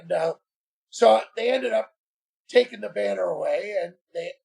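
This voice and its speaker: High, gravelly man telling a story. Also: moderate pace. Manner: animated, exasperated retelling with quoted dialogue. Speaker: podcast guest. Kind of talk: casual storytelling.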